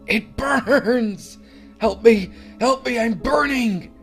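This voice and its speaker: A man's voice: very high-pitched, takes it slowly, creaky, soft background music, voice pushed up, heavily acted. Man putting on a screaming burning woman. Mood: screaming panic. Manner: yelling in panic.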